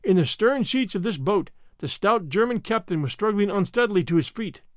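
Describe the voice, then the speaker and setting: A man narrating an adventure story in an expressive storytelling manner. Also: high voice, fairly quick, dry recording, studio quality. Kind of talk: scripted narration.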